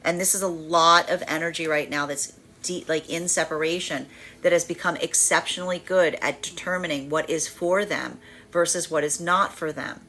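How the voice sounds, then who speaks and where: A woman's voice: sits low, steady tone, moderate pace, sharp tone. A woman giving a live tarot reading who talks animatedly, full of fillers and laughs, and acts out the voices of the energies she describes. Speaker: tarot reader.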